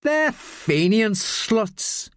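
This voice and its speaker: A man's voice: sits high, big pitch swings, extremely slow, a bit bright, clear, resonant tone, no echo, studio quality, voice pushed up, heavily acted. A man voicing a drunk, bigoted young male student with a jeering, slurred drawl. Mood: sneering.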